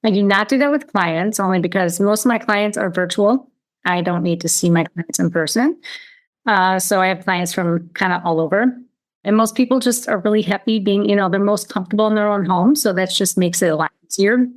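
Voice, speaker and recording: Woman wellness guest, mid pitch, easygoing and matter-of-fact. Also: a little fast. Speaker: energy healer guest. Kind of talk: casual interview chat.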